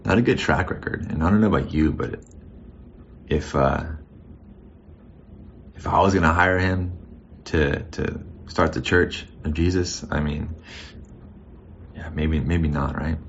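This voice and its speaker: A man's voice: rumbling low, measured pace, vocal fry, long pauses, lo-fi sound, slight background noise. A man preaching a sermon as pastor in a conversational, reflective way, often restarting his sentences.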